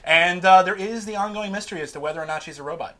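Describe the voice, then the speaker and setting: A man's voice: high-pitched, fast talker, pushed and bright. A man guesting on a podcast, sarcastic and rambling as he talks. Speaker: guest actor. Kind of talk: casual chat.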